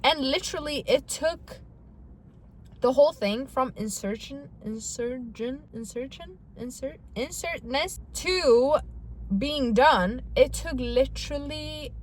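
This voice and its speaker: A woman's voice: high-pitched, slow, slight background noise. A young woman vlogging to camera in casual talk, chatty and dramatic, with self-mocking asides.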